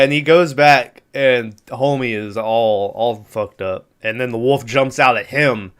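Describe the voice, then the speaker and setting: A man's voice: fairly low pitch, a bit bright, clear, resonant tone. A man co-hosting a casual movie podcast, recapping scenes in a laid-back, profane way and laughing often. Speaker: podcast co-host.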